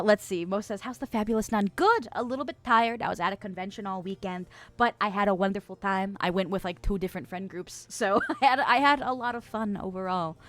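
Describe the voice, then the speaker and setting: A woman from the US West Coast hosting a live stream, reading chat messages aloud in a casual, playful way and laughing often. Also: medium pitch. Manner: chatty with frequent fillers and restarts. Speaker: streamer host.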